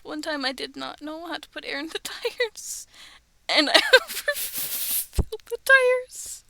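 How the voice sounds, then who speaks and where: Giggly high-voiced young woman streamer. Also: big pitch swings, a little slow, vocal fry, bright, forceful tone, no echo. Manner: rambling, giggly, drops into whispers. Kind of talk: casual chat on a livestream. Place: bedroom.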